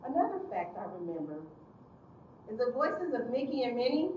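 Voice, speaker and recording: A woman youth counselor giving an expressive public speech and telling stories straight to her audience. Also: on the high side, normal speed, a little hiss or hum. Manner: expressive storyteller with direct address. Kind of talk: public speech with acted-out story. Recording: echoey room from a distance.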